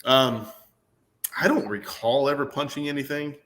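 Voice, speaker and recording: A man's voice: medium pitch, normal speed, a little hiss or hum. A man in his thirties chatting casually on sports radio, telling jokey stories as a football fan. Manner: joking, animated storyteller. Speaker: guest, Clemson fan.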